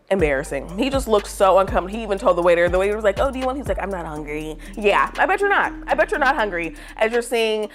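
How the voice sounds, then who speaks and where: A young woman vlogs to camera with casual celebrity gossip and pop culture opinions, slangy, dramatic, and full of fillers. Her mid-range voice is very animated and fast, with soft background music behind it.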